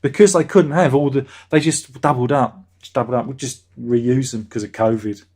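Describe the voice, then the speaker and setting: Hosting a review livestream, this man speaks in a steady, husky, mid-range voice with a darkish tone. He talks casually and reads out comments from viewers, turning sarcastic and flaring up easily into rants.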